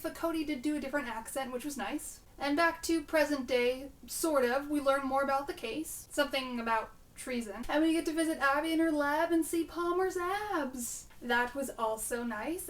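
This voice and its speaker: Young woman vlogger, high voice, sarcastic and chatty, slightly off-mic. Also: recorded from a distance. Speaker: TV episode reviewer. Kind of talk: casual video review.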